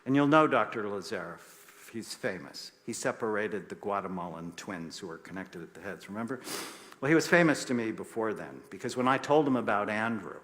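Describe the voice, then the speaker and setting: A man, a psychiatrist, telling a story in a talk with animated delivery, acting out quoted voices and dropping soft and low at grave moments. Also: brisk. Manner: emphatic, passionate.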